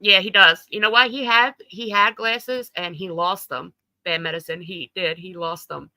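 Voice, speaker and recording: A woman's voice: lowish voice, steady tone, moderate pace, pushed and bright, dry recording, poor audio. A woman hosting a casual livestream chat, talking loosely, laughing often and swearing freely. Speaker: livestream host.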